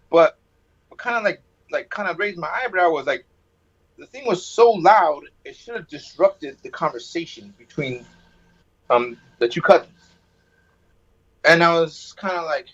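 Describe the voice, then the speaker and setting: A man's voice: fairly high pitch, animated, normal speed, fairly bright tone. A man calling in by phone and telling a personal story, rambling and sarcastic, with a hot temper. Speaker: caller. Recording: muffled lo-fi phone line.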